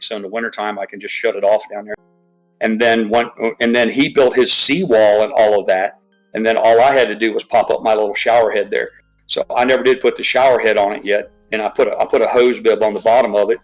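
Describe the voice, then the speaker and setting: A man's voice: lowish voice, fairly even intonation, fast, faint music behind, low-quality recording. A man chatting casually on a live stream, rambling, swearing freely and restarting his sentences often. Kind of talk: casual chat.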